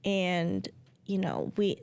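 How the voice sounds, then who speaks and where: A woman guest speaking gently and supportively in a casual, heartfelt conversation. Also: lowish voice, very animated, takes it slowly, vocal fry. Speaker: guest, best friend.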